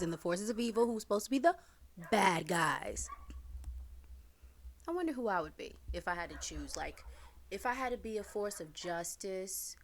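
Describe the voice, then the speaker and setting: A woman host giving chatty, slangy reaction commentary on a comic she reads. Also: medium pitch. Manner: chatty, animated, slangy asides. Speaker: channel host reading a comic.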